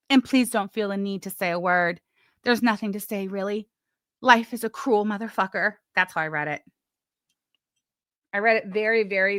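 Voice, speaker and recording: A woman's voice: a little high, bright, forceful tone, no room sound, studio quality. A woman hosting a casual live stream, chatting, reading messages aloud with mock drama and swearing freely.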